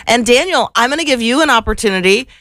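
A woman hosting a radio show, chatting playfully with a guest in a hoarse, raspy voice. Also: a little high, lively intonation, quick pace, a bit bright, dry recording, clean studio sound. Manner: playful, laughing, bantering. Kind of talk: casual radio chat. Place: radio studio. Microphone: studio microphone.

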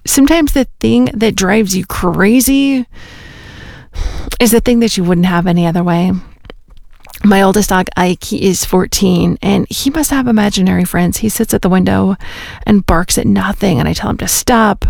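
A woman with a mid-range voice and a gravelly edge tells a personal anecdote as a radio host. She has a conversational, reflective way of speaking. The sound is dry and close, with no room around her. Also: mid-range voice, moderate pace, a little mellow, no room sound. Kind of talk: short scripted personal anecdote.

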